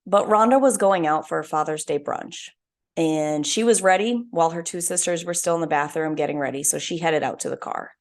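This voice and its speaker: A young woman talks alone as a podcast host, earnest and heartfelt as she tells a story. Her voice sits a little low and carries a gravelly edge throughout. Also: a little fast. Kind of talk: reflective solo talk.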